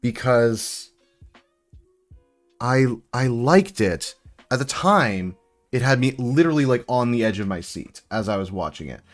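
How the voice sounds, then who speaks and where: A man's voice: mid-range voice, very animated, a little slow, faint music behind. A man hosting a casual building live stream, rambling and chatting with viewers as he works. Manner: chatty, rambling, answers chat while building. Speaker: livestream host building sets.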